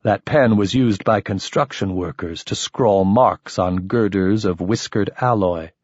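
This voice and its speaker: A man narrating a first-person story in an expressive, lively manner. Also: on the low side, husky, no room sound, lo-fi sound. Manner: expressive, shifting voices for characters. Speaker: audiobook narrator.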